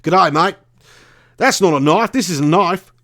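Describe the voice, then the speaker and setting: A man's voice: high voice, moderate pace, a bit bright, voice pushed up. A man putting on a playful, hammy Australian accent as a swaggering bushman. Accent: put-on Australian.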